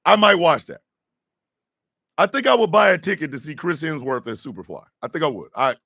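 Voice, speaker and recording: A high, gravelly-voiced man hosts a morning radio show. He riffs loud and slangy, bursting into shouts and laughter. His voice swings widely and sits dry and close in the studio. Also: lively intonation, a little fast, dry recording. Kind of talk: riffing comedic radio talk.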